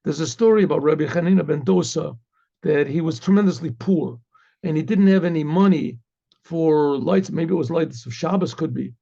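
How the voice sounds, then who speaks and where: A man teaching a Hasidic discourse as a rabbi, telling a story with lively acted dialogue and dropping in Yiddish phrases. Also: on the high side, moderate pace, vocal fry, lo-fi sound. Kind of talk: informal Torah lecture with story.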